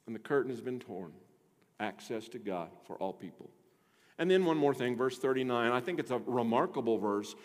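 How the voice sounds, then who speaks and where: A middle-aged male pastor preaching a sermon, emphatic, swinging between quiet and loud, questioning the congregation. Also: medium pitch, expressive, normal speed. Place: church sanctuary. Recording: long reverb of a church hall.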